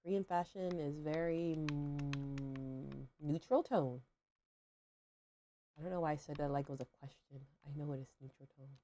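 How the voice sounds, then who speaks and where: A young woman with a low, mellow voice talks casually to her stream while playing. She rambles, fills gaps with "like" and "um", and questions herself along the way. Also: level tone, normal speed, slight background noise. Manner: rambling, filler-heavy, self-questioning. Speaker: livestream host. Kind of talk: casual chat while gaming.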